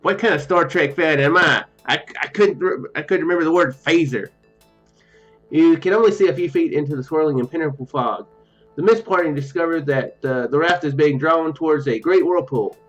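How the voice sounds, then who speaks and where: A man's voice: on the high side, fairly quick. A man playing a text adventure, reading the text aloud with restarts and joking asides. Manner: reads on-screen text with restarts and asides, laughs easily. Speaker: let's play gamer reading game text. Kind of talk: casual let's play commentary and reading aloud. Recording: dull muffled recording with faint game music.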